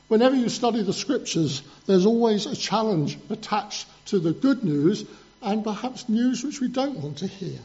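A man's voice: high voice, dark tone, lo-fi sound. A man preaching a sermon in an earnest, emphatic manner, building up lists of points and telling a story to the congregation.

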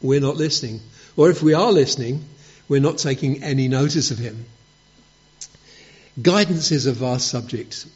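A man delivers a conversational sermon, weaving in stories and acting out short quotes. His medium-pitched voice is a little mellow, with a moderate pace and many pauses, and the lo-fi recording sounds dull.

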